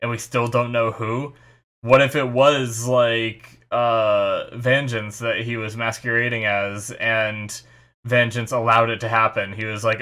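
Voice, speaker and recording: A man's voice: mid-range voice, little pitch movement, unhurried, sharp tone. A young man hosting an anime reaction, talking casually on his own in a rambling, speculative way with lots of fillers and restarts. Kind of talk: casual solo commentary.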